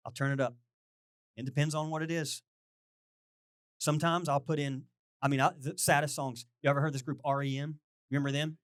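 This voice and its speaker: A man with a voice on the high side preaches at normal speed, leaving long pauses, on a dry, clean studio recording. As pastor, he keeps the sermon conversational and jokey, singing bits and animatedly asking the congregation questions.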